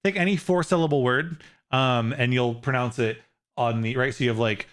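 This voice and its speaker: A man's voice: medium pitch, fairly even intonation, moderate pace, fairly bright tone. A man streaming live, chatting casually with his viewers, rambling and laughing often, with many restarts.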